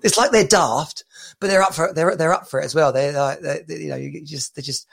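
A man's voice: on the high side, a little fast, creaky. A man hosting a casual podcast, chatting and telling stories with lots of laughter and restarts. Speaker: podcast host. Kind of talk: casual chat. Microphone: home podcast mic.

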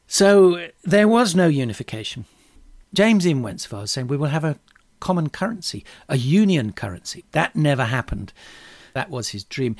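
Brief: male historian, chatty storyteller, mid pitch, dry close mic. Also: dry recording. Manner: lively storytelling with quick jumps in pitch. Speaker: guest historian. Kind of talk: conversational history explanation.

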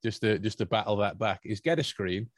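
A man's voice: lowish voice, animated, brisk, no echo. Podcast guy, um-ing and restarting a lot, dry sound. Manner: hesitant, many fillers and restarts. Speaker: podcast co-host. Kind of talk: casual chat.

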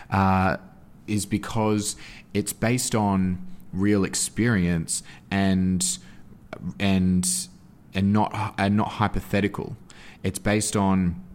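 Low-voiced man telling stories animatedly. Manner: animated storytelling with frequent restarts. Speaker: guest; anti-bullying school performer. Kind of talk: interview answer.

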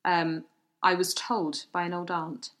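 Chatty lower-voiced London woman. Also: unhurried. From South East London, England. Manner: chatty, animated, laughs easily. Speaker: podcast co-host. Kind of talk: casual chat. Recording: roomy echo.

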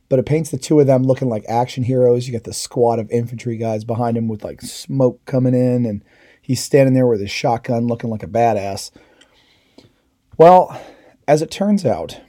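Dark-voiced man telling candid stories. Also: medium pitch, dry recording, studio quality. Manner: candid, swears freely, quotes comrades in raised voices. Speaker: podcast host, veteran. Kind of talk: casual storytelling.

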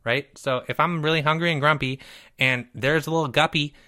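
A woman's voice: low voice, fairly even intonation, a little fast, bright, forceful tone. A woman voicing a goofy, boastful young male podcaster who rambles and stammers and insists he never cries. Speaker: podcast co-host. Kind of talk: comedic podcast banter.

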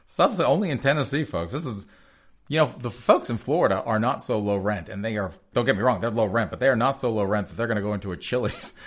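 A man hosting a sarcastic news commentary show, rambling and chuckling as he addresses his audience as folks. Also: lowish voice. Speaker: host.

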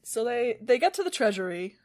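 A woman's voice: fairly high pitch, very animated, brisk, darkish tone. A woman co-hosting a casual book podcast, talking hesitantly with lots of fillers. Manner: hesitant with fillers, laughs often. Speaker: podcast co-host. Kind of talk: casual book-club chat.

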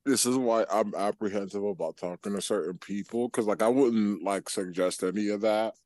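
A man's voice: fairly low pitch, moderate pace, darkish tone. A man co-hosting a podcast in casual crude banter, rambling with lots of fillers and laughing as he retells stories. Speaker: podcast co-host.

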